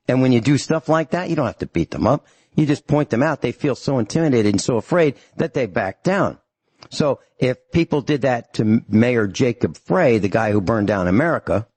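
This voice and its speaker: An angry male talk radio host delivers an emphatic monologue. His voice is husky and sits at an ordinary pitch. The sound is dry and close. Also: expressive, normal speed, a little mellow, no room sound.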